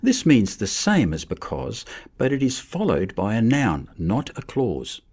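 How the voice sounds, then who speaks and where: A man giving a measured, scripted narration for a lesson on writing. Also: lowish voice, wildly swooping pitch, a little mellow, husky. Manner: measured, explanatory. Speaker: teacher.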